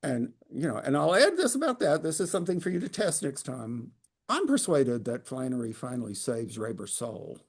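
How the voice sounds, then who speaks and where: Male book club leader, gravelly voice, halting and wry, over a video call. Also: medium pitch, sing-song. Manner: hesitant, many fillers and restarts, wry humor. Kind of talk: informal literary talk.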